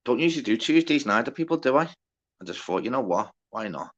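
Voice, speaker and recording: A man's voice: medium pitch, big pitch swings, brisk, dull audio. A man hosting a casual livestream, reading out the chat, greeting viewers by name and bantering with plenty of swearing. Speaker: livestream host.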